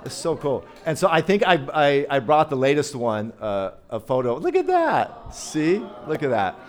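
A man preaching as a guest speaker in a loose, conversational way. He keeps turning to the congregation with questions, in a playful tone. His voice sits at an ordinary middle pitch. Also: normal speed, faint music behind. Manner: chatty, playful, talks directly to the audience. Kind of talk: casual sermon.

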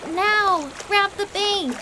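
A woman voicing a small, excitable female quail who shrieks urgently in a storybook reading. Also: very high-pitched, unhurried, noisy background, pitched above the performer's own voice.

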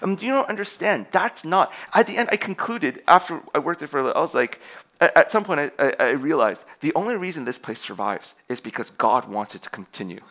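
A young man preaching with a bright, forceful tone set a little high. He talks in an animated way, laughs often and trips into quick restarts. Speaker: pastor. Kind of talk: sermon.

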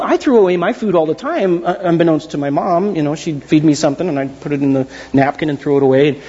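A man preaching a casual sermon as an animated storyteller who acts out quotes and makes jokes, on a dull lo-fi recording. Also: a little high, fast talker, hardly any pauses, slightly rough, in a large hall. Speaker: pastor.

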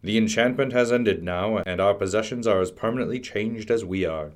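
A man's voice: fairly low pitch, a little fast, close to an everyday voice. A man reading a commanding old wizard. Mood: hushed.

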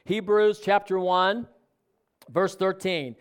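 A man's voice: high-pitched, slow, clear, resonant tone. A man preaching a sermon in a conversational way, often asking the congregation questions. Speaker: pastor.

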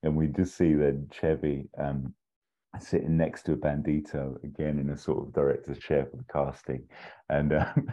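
Very deep-voiced man pitching a story. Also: level tone, normal speed, mellow, muffled recording. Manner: rambling, many fillers and restarts, acts out quotes. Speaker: podcast co-host pitching a story. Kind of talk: casual storytelling chat.

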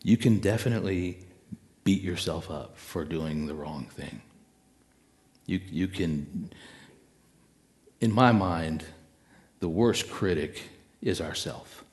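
A man giving a spiritual talk to an audience, reflective and unhurried, with dramatic pauses and acted-out inner voices. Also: low voice, darkish tone. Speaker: speaker.

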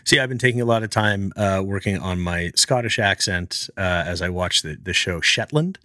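A man with a low voice and a forceful, bright edge asks questions in a casual interview. He jokes at his own expense. The sound is dry and close. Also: normal speed, no echo. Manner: jokey, self-deprecating.

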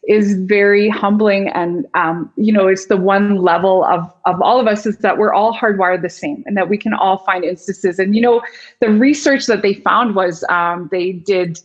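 A woman's voice: mid-range voice, fairly even intonation, normal speed, highs cut off. A woman guest speaker and communication coach who explains with energy and demonstrates vocal tones as she goes. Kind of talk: instructive interview talk.

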